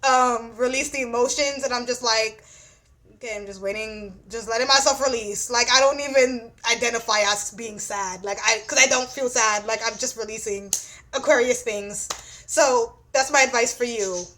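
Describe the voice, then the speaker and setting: A woman's voice: on the high side, fairly even intonation, normal speed, pushed and bright. A young woman giving a casual astrology reading, blunt and profane, often repeating "you know what I'm saying.". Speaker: astrology reader.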